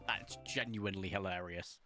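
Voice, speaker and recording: A man's voice: deep voice, moderate pace, bright, forceful tone, soft background music. A young man streaming a game from a room at home, chatting and joking at his own expense while he plays. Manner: chatty, self-mocking, talks to chat while playing. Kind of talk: casual live-stream commentary. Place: home room with window open.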